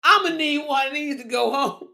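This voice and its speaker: A woman's voice: sits high, normal speed, vocal fry, pushed and bright, pitched above the performer's own voice, full character voice. Gushing delighted friend, as a woman retells her. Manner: gushing, emphatic. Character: delighted female friend raving about food.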